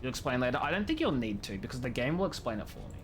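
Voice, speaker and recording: A man's voice: medium pitch, very animated, rapid-fire, slight background noise. A young man casually commenting while he plays a game, joking and rambling and laughing often. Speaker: game streamer. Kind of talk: casual live gameplay commentary. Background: game music.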